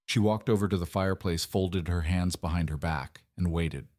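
A man narrating a story in a measured, descriptive way. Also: deep voice, darkish tone, dry recording, studio quality. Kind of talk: scripted narration.

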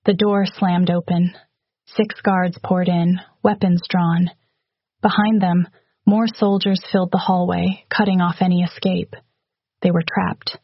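A woman reading a romantic fantasy story aloud in a steady, even narration, with hushed dialogue. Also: mid-range voice, husky, no echo, lo-fi sound. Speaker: audiobook narrator. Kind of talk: scripted narration.

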